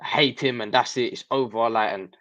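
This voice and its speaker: A man's voice: mid-range voice, fairly quick, a bit bright. A man in a casual football fan debate, laid-back and slang-heavy. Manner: laid-back, slang-heavy, "you know what I'm saying". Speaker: football fan show co-host. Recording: slightly dull, dry call audio.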